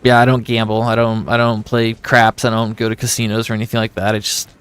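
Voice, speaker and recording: A man's voice: fairly low pitch, completely flat delivery, quick pace, fairly bright tone, smooth. A man telling a long rambling story to his viewers as he plays a game live. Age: adult with a son. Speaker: gaming streamer. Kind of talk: casual chat while playing a game.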